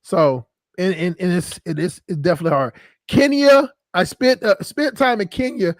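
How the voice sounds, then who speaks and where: A man's voice: high voice, moderate pace, no echo. A man hosting a stream, talking in a casual chat and joking crudely, laughing often. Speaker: stream host.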